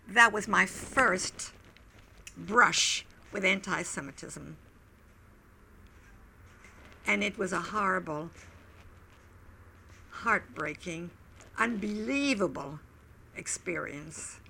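Gravelly older woman recalling her past. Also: fairly low pitch, bright, forceful tone, slight background noise. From Wilmington, Delaware, US. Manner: reflective, halting storytelling. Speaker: interviewee. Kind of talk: oral history recollection.

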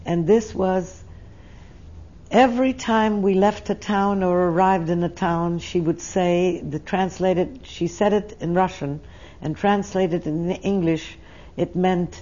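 A woman's voice: lowish voice, steady tone, takes it slowly, dark tone, dull audio. An older woman tells her life story in an oral history interview, speaking in a reflective and emotional way.

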